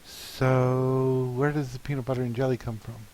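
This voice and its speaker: A man plans a comic by thinking out loud, his hesitant musing broken by frequent pauses and fillers. He is a comic artist with a level, slightly mellow mid-range voice, captured on a low-quality recording.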